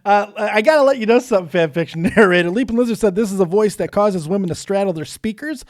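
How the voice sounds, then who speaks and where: A man's voice: sits high, fast, dry recording, clean studio sound. A man co-hosting a live stream and taking callers, joking and teasing with frequent laughs. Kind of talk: casual live-stream chat.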